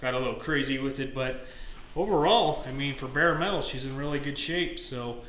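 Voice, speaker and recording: A young man casually hosting a hands-on car restoration vlog from his home garage, explaining his steps in a relaxed, joking way. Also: medium pitch, moderate pace, slight background noise. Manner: chatty, jokey, relaxed explaining. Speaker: host of a car restoration channel.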